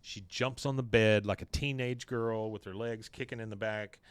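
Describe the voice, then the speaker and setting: A man's voice: fairly low pitch, steady tone, moderate pace, clear, resonant tone, no echo. A man co-hosting a podcast, casually recapping a TV episode and laughing often as he reads the scenes. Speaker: podcast co-host.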